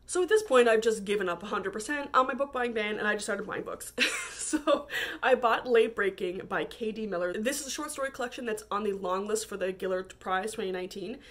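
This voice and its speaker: A woman's voice: medium pitch, brisk, a bit bright. A woman from Canada chatting casually about books she bought, full of fillers and frequent laughter. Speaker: book vlogger. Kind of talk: casual chat.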